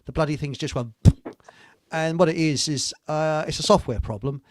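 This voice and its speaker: Older male host, slightly high voice, dry close sound, rambling joker. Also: normal speed, no room sound. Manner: rambling joke-telling, chuckles at his own stories. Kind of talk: casual chat on a live internet talk show.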